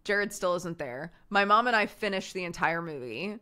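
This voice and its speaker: A woman streamer telling family stories in casual chat, animated and laughing often. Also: fairly low pitch, moderate pace.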